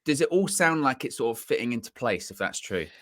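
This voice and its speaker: A man co-hosting a football podcast, explaining news in a measured, conversational way. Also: mid-range voice, very animated, a bit bright, no room sound. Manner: measured, explanatory, laughs easily. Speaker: co-host. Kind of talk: casual football podcast chat.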